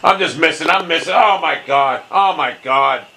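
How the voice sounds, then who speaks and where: A young man commentating his own golf video game, hot-tempered and swearing constantly, often bursting into angry shouts. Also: a little high, normal speed, gravelly, a little hiss or hum, poor audio. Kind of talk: live gameplay commentary.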